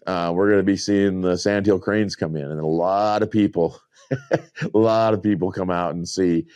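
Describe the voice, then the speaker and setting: A man's voice: low voice, a little mellow, no echo. A man co-hosting a podcast, chatting casually and telling rambling stories, quoting the people he met, with small chuckles. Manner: rambling storyteller, quotes others, chuckles. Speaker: podcast co-host, rancher.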